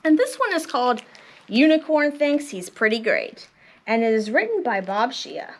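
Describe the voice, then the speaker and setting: A woman librarian reading picture books aloud to preschool children in an expressive storytelling manner. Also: a little high, normal speed.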